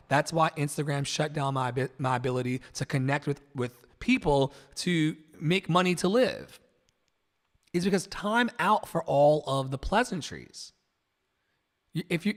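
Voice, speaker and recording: A man from Virginia hosting a livestream, delivering an impassioned, preachy monologue with sudden loud outbursts and soft asides. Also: sits high, big-room sound. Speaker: livestream host.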